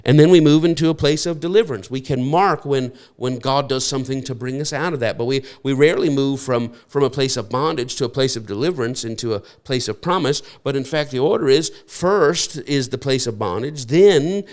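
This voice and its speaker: A man's voice: mid-range voice, fairly quick, few pauses. A middle-aged man preaching a sermon in an earnest, repetitive way, often stammering and restarting his phrases. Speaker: pastor.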